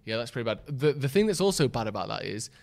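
A man's voice: medium pitch, very animated, fast talker, vocal fry, a little mellow. A man hosting a casual football podcast, reading out viewer comments and chatting in a jokey way. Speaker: podcast host.

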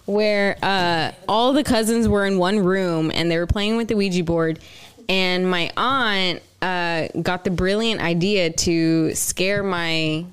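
A woman's voice: on the low side, slow pace, clear, resonant tone. A young adult woman telling a story in casual podcast chat, chatty and giggly, with lots of "like" and "y'all".

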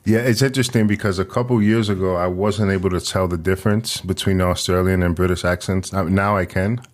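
Man, very low voice, podcast host, casual, filler-heavy. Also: a little fast. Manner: relaxed, with many fillers. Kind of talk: casual interview.

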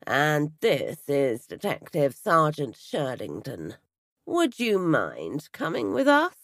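A woman voicing a male police inspector with a nasal, slightly strangulated voice, speaking slowly and with measured reassurance. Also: sits low, huge pitch swings, creaky, no room sound, clean studio sound, pitched below the performer's own voice, heavily acted. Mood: measured, probing. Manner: slow, measured, falsely reassuring. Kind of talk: storybook reading.

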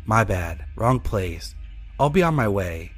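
A gruff home intruder talks through a door with cool, lightly amused menace, as a narrator puts him on. His voice sits low and steady in a scripted horror story, with faint music behind it. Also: slow, full character voice. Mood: menacing.

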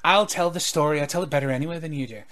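A man's voice: fairly high pitch, very fast, fairly bright tone, lightly acted. A man voicing a brash, swaggering young female pirate captain in a tabletop game, cocky and bragging.

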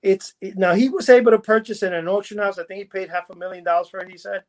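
A man with a notably high speaking voice tells stories in a loose, rambling way. He restarts his sentences and laughs at his own stories while co-hosting a casual chat. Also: steady tone, quick pace. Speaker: podcast co-host.

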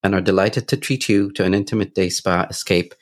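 A man hosting a parenting podcast, friendly and chatty, who compliments his guest and talks with easy fillers. His voice sits on the low side. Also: steady tone, a little fast. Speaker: podcast host. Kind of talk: casual interview.

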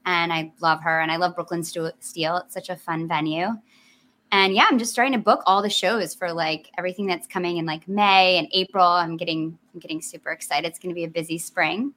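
A woman with a slightly low voice chats in a bubbly, upbeat way, sprinkling "like" through her sentences. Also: fairly even intonation, a little fast, pushed and bright. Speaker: podcast co-host. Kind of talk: casual chat.

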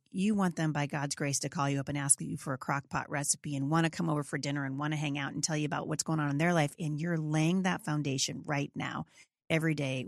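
A woman's voice: low voice, gravelly, no echo, clean studio sound. A middle-aged woman hosting a podcast, chatting in an earnest, encouraging way. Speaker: podcast host. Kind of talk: conversational podcast interview.

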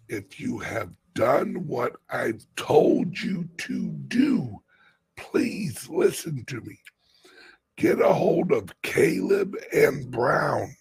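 A very gravelly, raspy-voiced man drags out his words slowly in an urgent vlog rant. He drops to hushed whispers, then bursts into shouts, and swears freely for emphasis. His pitch swings widely, and the sound is close and dry. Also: no echo. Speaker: crypto channel host.

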